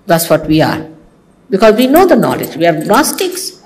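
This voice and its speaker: A woman's voice: fairly low pitch, wildly swooping pitch, moderate pace, a little mellow, low-quality recording. A woman giving a sermon to her followers, teasing and scolding with humor. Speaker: spiritual teacher.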